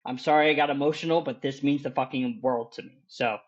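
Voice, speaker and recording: A man's voice: mid-range voice, steady tone, fairly quick, muffled recording. Fired-up profane man on a podcast. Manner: passionate, profane, emphatic ranting. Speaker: podcast co-host. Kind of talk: casual sports podcast chat.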